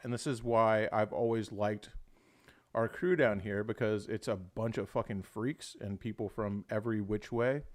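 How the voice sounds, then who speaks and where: A young adult man rambling through a casual livestream chat at a mid-range pitch. He swears freely and keeps dropping "dude" into his sentences, in a loose, unscripted way. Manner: rambling, swears often, says "dude" a lot. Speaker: livestream host.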